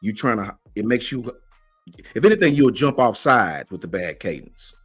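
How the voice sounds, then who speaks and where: A man's voice: on the low side, very animated, normal speed, a bit bright, husky, soft background music. A man hosts a livestream and answers the chat, emphatic and slangy, firing off rhetorical questions. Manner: slangy, keeps asking "right?". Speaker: host of a college football fan channel.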